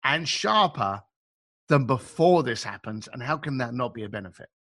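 Male guest, bright and forceful, animated storyteller, slangy. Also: mid-range voice, normal speed. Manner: animated, chatty, acts out quotes; informal slang. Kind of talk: casual storytelling.

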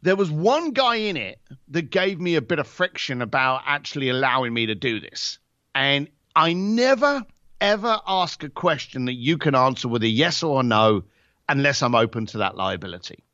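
A man's voice: mid-range voice, sing-song, normal speed, pushed and bright, no echo, dull audio. A man on a podcast telling a story in a blunt, casual way. He swears and acts out both sides of the conversation. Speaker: podcast guest.

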